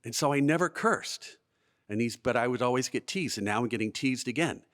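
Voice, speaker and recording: A man performing a comic personal story on stage at a live storytelling event, with animated delivery and comic timing. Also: medium pitch, a little fast. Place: museum event space, live audience.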